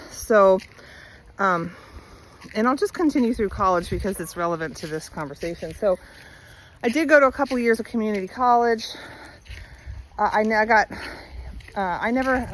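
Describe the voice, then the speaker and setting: A woman's voice: mid-range voice, expressive, brisk, a little hiss or hum, low-quality recording. Chatty woman telling her life story. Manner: chatty, candid, laughs easily, many fillers. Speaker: vlogger. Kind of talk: casual personal storytelling. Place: outdoors walking her dog.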